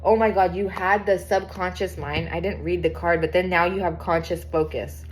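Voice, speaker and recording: A woman's voice: lowish voice, moderate pace. Chatty young woman giving a tarot reading. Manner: chatty, excitable, swears freely, reads cards aloud. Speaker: tarot reader. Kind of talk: casual tarot reading to camera.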